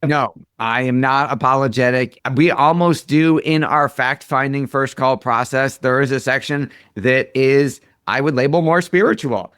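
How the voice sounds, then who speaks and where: A man's voice: medium pitch, unhurried, hardly any pauses, a bit bright, smooth, no echo, studio quality. A man in his forties, a marketing expert guest, talking casually and acting out quoted dialogue in his stories. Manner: storytelling, acts out quoted dialogue. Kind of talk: casual interview talk.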